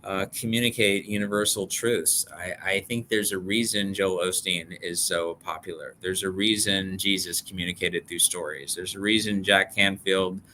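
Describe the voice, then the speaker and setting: A middle-aged man with a lowish, bright, forward voice recounts his own life with earnest feeling. A faint hum of ambience sits under the interview. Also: fairly even intonation, moderate pace, few pauses. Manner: earnest, emotional storyteller. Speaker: author guest. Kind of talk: storytelling interview talk.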